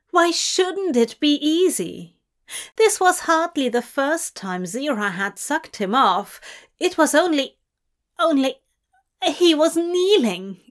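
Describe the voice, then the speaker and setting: Woman reading a fan-fiction audio story, slow and measured, mid-pitched.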